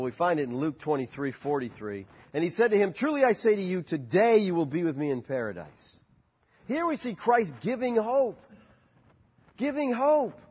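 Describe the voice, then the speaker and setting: A man preaching a sermon as pastor, rising and falling sharply and putting questions to the congregation. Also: husky. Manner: animated preaching with sharp rises and drops in pitch. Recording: muffled hall recording with long reverb.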